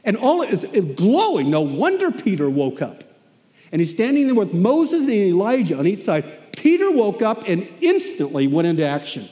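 A man preaching a sermon as animated storytelling, often repeating himself as he goes. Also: high-pitched, moderate pace, in a large hall.

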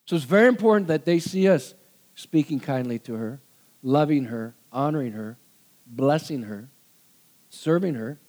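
A middle-aged man preaching a conversational sermon, animated and given to laughter, acting out quoted voices. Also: medium pitch, moderate pace. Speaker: pastor.

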